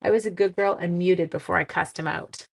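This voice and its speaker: A woman's voice: on the low side, steady tone, brisk, vocal fry, slight background noise. Middle-aged woman chatting through a craft livestream, jokey, pokes fun at herself. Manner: chatty, self-deprecating, laughs at herself. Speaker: craft class host. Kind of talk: casual livestream craft class chat.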